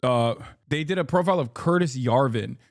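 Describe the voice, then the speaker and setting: A man hosting a live stream, reacting to clips and talking back to his chat in a sarcastic, profane, animated way. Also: medium pitch, normal speed, no echo, studio quality. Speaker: livestream host.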